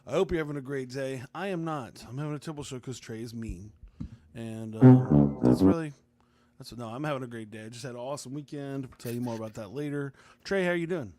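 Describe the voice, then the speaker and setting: A man's voice: medium pitch, quick pace, few pauses. A man co-hosting a podcast in casual chat, jokey and rambling, often correcting himself mid-sentence. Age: adult father of a young child. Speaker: podcast co-host. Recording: loud background noise.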